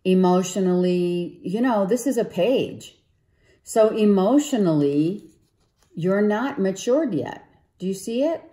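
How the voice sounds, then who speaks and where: A woman reads tarot cards in a slow, unhurried monologue. Her voice is low and mellow and a little hoarse, as if she is losing it. The room around her is echoey. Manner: slow, coaxing, often asks okay and right. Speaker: tarot reader. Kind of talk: spiritual tarot reading monologue.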